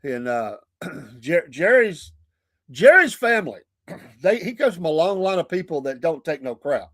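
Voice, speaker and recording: A man's voice: on the high side, very animated, a little slow, a bit bright, no room sound, clean studio sound. A Southern American man hosting a morning livestream show, chatty and folksy, laughing often. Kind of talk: casual livestream chat. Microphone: streaming mic.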